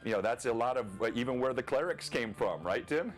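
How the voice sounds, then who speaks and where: A man's voice: medium pitch, expressive, brisk, faint music behind. A man hosting a live tabletop lore stream, chatting casually with many filler words and easy laughs.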